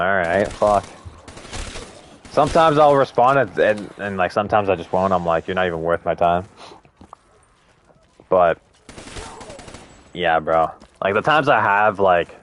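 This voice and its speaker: A man's voice: low-pitched, a little hiss or hum. Laid-back young man streaming, slangy. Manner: laid-back slangy banter, swears freely. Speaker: live-streamer. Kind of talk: casual gaming stream chat.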